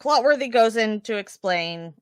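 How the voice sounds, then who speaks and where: A woman co-hosting a podcast, chatting casually as she recaps a TV episode, laughing often and thinking out loud. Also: fairly high pitch, animated, moderate pace, clean tone, dry recording, studio quality. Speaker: podcast co-host.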